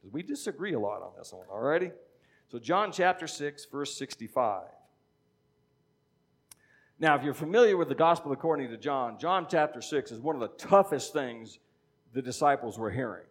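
A man's voice: mid-range voice, expressive, normal speed, husky. A middle-aged man preaching a sermon in a conversational teaching style, often checking in with "okay?". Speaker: pastor.

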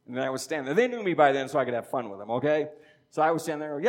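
A man's voice: medium pitch, expressive, racing. A middle-aged man preaching a sermon in a conversational teaching style, often checking in with "okay?". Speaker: pastor.

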